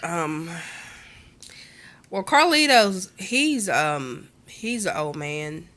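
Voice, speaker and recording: A woman's voice: on the low side, very animated, drawn-out words, fairly bright tone. A woman co-hosting a casual livestream chat, talking in a playful, joking way. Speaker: co-host.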